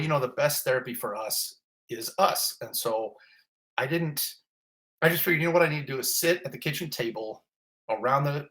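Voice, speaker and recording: A middle-aged man, a fire captain, telling a story in a casual interview, animated and self-mocking as he acts out what people said. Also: mid-range voice.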